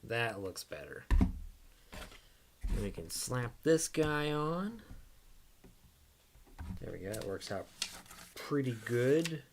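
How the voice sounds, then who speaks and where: A man hosts a casual livestream from home, playful and quick to tease himself. His voice sits at an ordinary middle pitch, often dropping soft when he coos to his dog. A faint hiss runs underneath. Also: sing-song. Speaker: livestream host.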